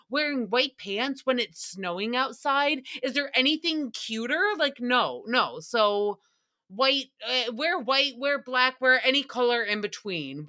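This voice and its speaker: A woman's voice: fairly high pitch, pushed and bright. A woman hosting a solo recap podcast, chatting in a sarcastic, rambling way full of tangents. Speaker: podcast host.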